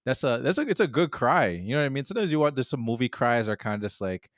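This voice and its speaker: A man's voice: medium pitch, expressive, fast talker, dry recording, clean studio sound. A man co-hosting a podcast, chatting about a film in a laid-back, rambling way and laughing often. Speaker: podcast co-host. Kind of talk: casual film discussion.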